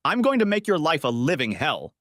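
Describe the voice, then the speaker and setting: A man voicing an angry middle-aged male judge who shouts and spits threats. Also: fairly high pitch, wildly swooping pitch, fairly quick, no room sound, clean studio sound, voice pushed up. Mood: furious.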